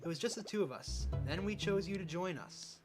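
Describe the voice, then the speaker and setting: A man's voice: high voice, lively intonation, fairly quick, voice pushed up. Brief: man doing a resentful villain scientist, bitter and cold, game music behind. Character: scheming male scientist turned killer.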